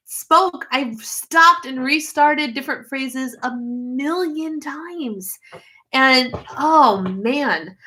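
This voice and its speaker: A woman's voice: fairly high pitch, pushed and bright. A woman hosting a casual livestream, chatty and easily sidetracked, with lots of fillers. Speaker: YouTube livestream host.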